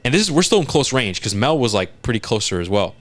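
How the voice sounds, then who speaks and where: A man co-hosting a casual podcast, retelling a scene in animated detail, acting out lines and swearing often. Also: mid-range voice, quick pace. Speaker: podcast co-host.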